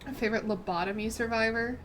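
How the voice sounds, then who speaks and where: A woman's voice: a little high, quick pace, slight background noise. A young woman streaming a strategy game, chatting casually and thinking aloud in a self-deprecating way. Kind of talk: casual gameplay commentary.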